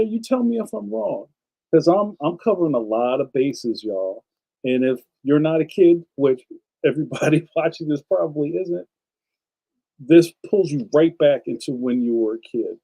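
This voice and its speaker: A man's voice: on the high side, moderate pace, creaky, dark tone, low-quality recording. A man hosting a casual livestream, chatting enthusiastically and speaking straight to his viewers. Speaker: livestream host and cartoonist.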